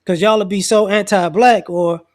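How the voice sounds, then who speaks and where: A man with a high voice and fairly even intonation speaks at a moderate pace. He's a commentator giving loose, slangy, off-the-cuff views on society in a casual monologue, restarting sentences and voicing others in quotes.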